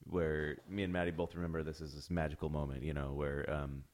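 A man with an extremely deep voice, speaking as a guest in a casual interview. He rambles through his stories, halting with fillers along the way. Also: level tone, a little mellow. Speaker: musician guest.

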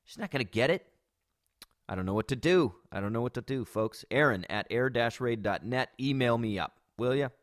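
A man's voice: mid-range voice, lively intonation, a little fast, dry recording, studio quality. A man in his thirties hosting a podcast, talking casually with a lot of fillers, restarts and swearing. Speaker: podcast host. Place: backyard. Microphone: studio microphone with pop filter.

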